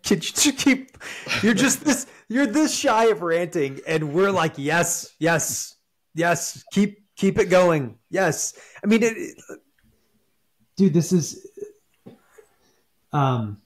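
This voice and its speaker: A man hosting a podcast, reacting with enthusiasm and then explaining his organization's view. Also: fairly high pitch. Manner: enthusiastic, affirming. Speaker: podcast host. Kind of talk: casual podcast chat.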